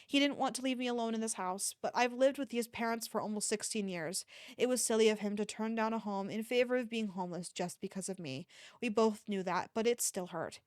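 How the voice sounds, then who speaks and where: A woman's voice: brisk, clean tone, no room sound, studio quality. Woman casually reading a novel aloud. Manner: reads in a low, quiet voice with occasional stumbles and restarts. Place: home streaming setup.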